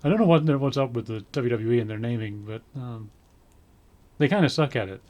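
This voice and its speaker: A man's voice: medium pitch, fairly quick, a little mellow. A man giving a casual spoken review in a rambling way, full of ums, with dry sarcastic asides. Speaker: wrestling show reviewer.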